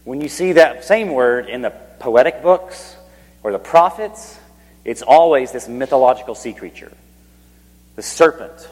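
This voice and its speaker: A pastor with a somewhat husky voice delivers a sermon. He reads scripture with building emphasis and then sinks to a near whisper for the most reverent lines. His voice rings out with a long reverb, as if recorded in a church sanctuary. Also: mid-range voice, animated, measured pace, a little mellow.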